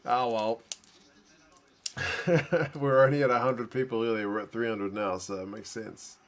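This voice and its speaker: A man's voice: mid-range voice, fairly even intonation, unhurried. A man hosting a casual live watch-along, chatting and reacting aloud to a rugby match. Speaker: host.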